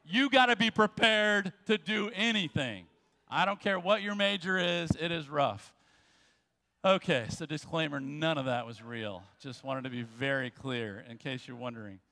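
A man preaching a sermon as pastor, telling jokes and stories with quick asides. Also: fairly high pitch, gravelly, pushed and bright. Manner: jokey storytelling with quick asides. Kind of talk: sermon with humor. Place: church sanctuary. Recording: long church hall reverb.

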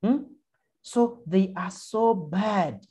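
Speaking extremely slowly, this teacher has a medium-pitched, expressive voice that is warm and slightly rough. With a Ugandan English accent, she leads a primary class on a video call, encouraging pupils with frequent uh-huh and mm-hmm.

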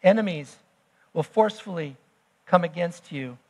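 High-voiced preaching man in reverberant hall. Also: moderate pace. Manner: emphatic preaching, swinging between loud and hushed. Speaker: pastor. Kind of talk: sermon. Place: church sanctuary. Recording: long church hall reverb.

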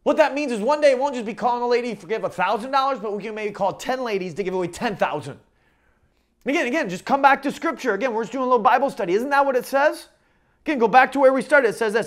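A male pastor preaching a sermon, swinging from loud emphatic calls to quiet storytelling and repeating phrases for emphasis. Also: very high-pitched, animated, a little fast. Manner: repeats "don't miss that" for emphasis.

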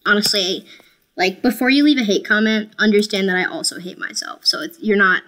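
A woman's voice: mid-range voice, normal speed, fairly bright tone. A woman streaming a game, talking casually to viewers in a chatty, self-mocking and playfully dramatic way. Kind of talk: casual gameplay commentary.

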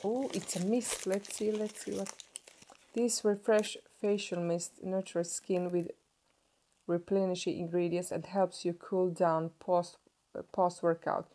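A young woman vlogs in English, unwrapping makeup and gushing over each find with little restarts along the way. Her voice sits a touch low and sounds mellow and warm rather than bright. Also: a little hiss or hum. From Sweden. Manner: gushing, excitable, pauses and restarts as she unwraps. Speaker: beauty vlogger. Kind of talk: casual product unboxing.

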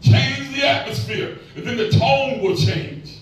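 This pastor, in his sixties, preaches folksily in church and trades calls with the congregation. He speaks at a measured pace in a very high-pitched voice. There's a little hiss or hum, plus echo and music from a distant recording.

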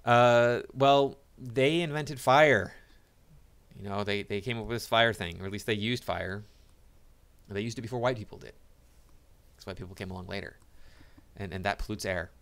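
A man's voice: lowish voice, steady tone, normal speed, pauses often, fairly bright tone. A man giving casual reaction commentary, sarcastic and mocking, often stumbling and repeating words. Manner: sarcastic and mocking, with many restarts and stammered repeats. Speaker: online commentator.

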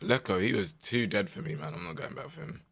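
A young man with a strained voice, giving animated, slangy commentary while playing a management game. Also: mid-range voice, fairly quick, vocal fry, slightly rough. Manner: animated, exclaiming, slangy banter. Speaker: gaming content creator. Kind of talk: casual gameplay commentary.

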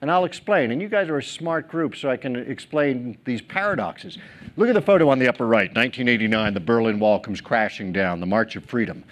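A man's voice: medium pitch, a little fast. A middle-aged man giving a keynote speech on a theater stage, telling stories, acting out quotes and joking with the audience. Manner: animated storyteller, acts out quotes, jokes with audience. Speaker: keynote speaker.

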